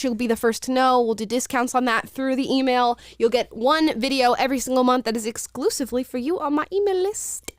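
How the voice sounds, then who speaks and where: A woman's voice: a little high, clear, resonant tone, no room sound. Bubbly young woman host. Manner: bubbly, laughs often. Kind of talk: casual live-stream chat.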